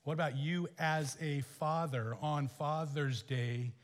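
A man preaching a sermon as pastor, animated, with chuckles and emphatic questions. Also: on the high side, slow pace. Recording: echoey hall.

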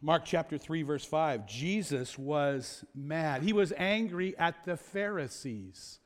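High-voiced man preaching conversationally. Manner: conversational preaching with rhetorical questions; slows down to stress key words. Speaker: pastor. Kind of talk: sermon.

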